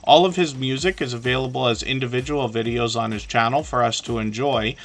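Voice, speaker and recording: A man hosting a casual live stream, talking in a rambling, chatty way with lots of fillers and a slightly hoarse, tired voice. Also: mid-range voice, brisk.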